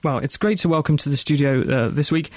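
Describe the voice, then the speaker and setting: A man's voice: on the high side, fairly quick, no echo. A man with a British accent hosting a science radio show in a studio, chatty and joking. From Britain. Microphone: studio mic.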